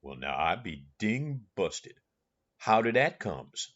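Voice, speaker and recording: A stubborn, earnest backwoods man drawls in thick rural Southern speech, digging in on every point, as a male audiobook reader puts him on. His voice rises and falls in a lively way. The audio is a touch dull and lo-fi. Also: fairly low pitch, slow pace, exaggerated voice. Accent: Southern US rural dialect. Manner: drawling, dialect-heavy, dogged. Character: uneducated older man, stubborn and earnest in argument.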